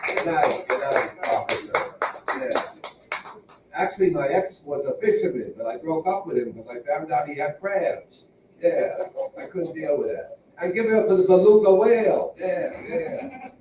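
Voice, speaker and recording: A man's voice: a little high, normal speed, recorded from a distance, noisy background. A man emceeing an open mic, firing off short one-liners and tagging them with "yeah". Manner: tags jokes with "yeah", punchy deadpan one-liners. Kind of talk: stand-up between acts. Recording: very echoey room, heard from afar.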